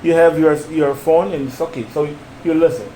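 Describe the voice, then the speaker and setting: A higher-voiced man coaches a student through English phrases, repeating them patiently and stressing the intonation. The room is noticeably echoey, and a faint hiss runs underneath. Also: moderate pace, dark tone. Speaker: English teacher. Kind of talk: one-on-one English lesson.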